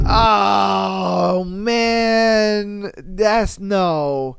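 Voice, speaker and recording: Male podcast host, smooth and clear, drawls through casual slangy disbelief. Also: high-pitched, animated, extremely slow, pauses often. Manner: laughing, incredulous, slangy reactions. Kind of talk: casual commentary on reader stories.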